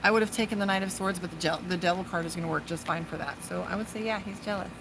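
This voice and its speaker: Talking at a racing pace in a fairly low-pitched voice, a woman from Las Vegas, USA gives a casual tarot reading on a livestream beside a pool. The tarot reader and psychic is chatty, swears freely and breaks off to talk to her dog, with noise in the background.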